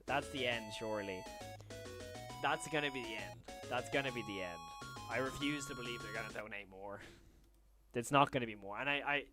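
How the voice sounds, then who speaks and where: A man live streaming, stunned and repeating himself in disbelief, swinging between loud outbursts and low muttering. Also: no room sound. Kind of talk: live stream reaction to chat.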